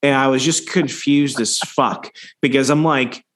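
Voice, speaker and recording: Casting: male podcast host, mid-pitched voice, rambling profane anecdotes, lots of false starts. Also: steady tone, measured pace, a bit bright. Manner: loose, profane storytelling with many restarts. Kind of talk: casual podcast chat.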